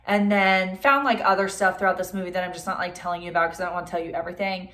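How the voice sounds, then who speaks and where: A young adult woman casually reviewing a film for her vlog, chatty and exasperated, with a steady stream of "like". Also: fairly low pitch, very fast.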